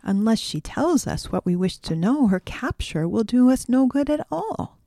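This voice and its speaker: Earnest straw scarecrow, raised pitch, voiced by a woman narrator. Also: big pitch swings, normal speed, mellow, no room sound, studio quality. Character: worried male scarecrow, thoughtful.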